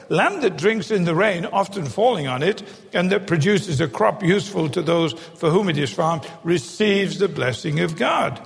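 High, gravelly male preacher in a hall. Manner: emphatic, repeats key phrases for stress. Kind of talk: sermon. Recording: long hall reverb.

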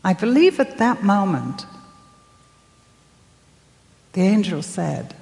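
Donna anziana inglese che predica in una sala riverberante. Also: female voice, medium pitch, very animated, vocal fry, in a large hall. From England. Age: older. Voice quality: soft-spoken storytelling, dramatic pauses, acts out quoted voices. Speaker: speaker. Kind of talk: sermon.

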